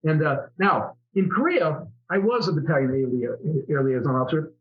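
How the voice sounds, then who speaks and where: A former fighter pilot, middle-aged, tells stories in a relaxed interview at normal speed, chatty and rambling with many restarts. His voice sits a little high for a man, and the audio is dull and lo-fi.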